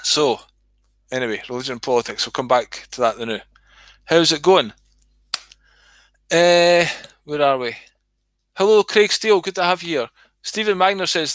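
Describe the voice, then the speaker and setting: A man's voice: mid-range voice, normal speed, bright, forceful tone, no echo. A man telling a comic story and chatting, sweary and rambling. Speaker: host reading his own comedy skit.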